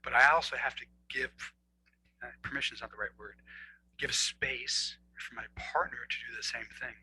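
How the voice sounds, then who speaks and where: Male coach guest, very forceful tense tone, earnest, acts out inner dialogue. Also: medium pitch, steady tone, moderate pace, husky, low-quality recording. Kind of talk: conversational explaining.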